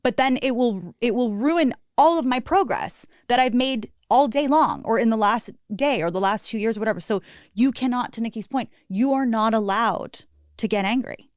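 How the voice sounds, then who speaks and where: A woman's voice: fairly high pitch, lively intonation, normal speed, no room sound, studio quality. A woman co-hosting a recovery podcast, speaking bluntly and candidly, swearing freely and laughing often. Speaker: podcast co-host, guest. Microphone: studio podcast mic.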